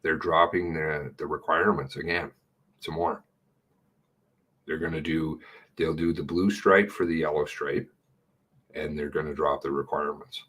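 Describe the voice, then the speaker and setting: Low husky blunt male commentator. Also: steady tone, moderate pace, pauses often, fairly bright tone. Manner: blunt, sarcastic, swears freely. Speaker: livestream commentator. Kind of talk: casual running commentary.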